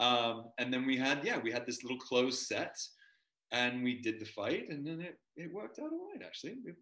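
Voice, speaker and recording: A man's voice: mid-range voice, big pitch swings, normal speed, pushed and bright, roomy sound, rough recording. A middle-aged man, an actor guest, telling long rambling anecdotes in a casual interview. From Montana and London. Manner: rambling anecdotes, acts out quoted voices.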